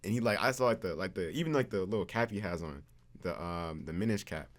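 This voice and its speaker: A man's voice: low voice, animated, fast. A teenage boy interviewing fellow students in a laid-back, teasing casual chat.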